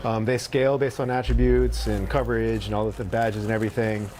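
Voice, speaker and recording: A man being interviewed as a game developer, explaining in a measured way with frequent fillers. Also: lowish voice, flat delivery, a little mellow, slight background noise. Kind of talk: interview explanation, played on stream.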